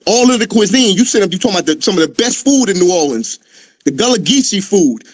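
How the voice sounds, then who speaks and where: Emphatic high-voiced man, dry sound. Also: very animated, fast, dry recording. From United States. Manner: emphatic, streetwise, addresses listeners as family. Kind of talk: casual opinion talk.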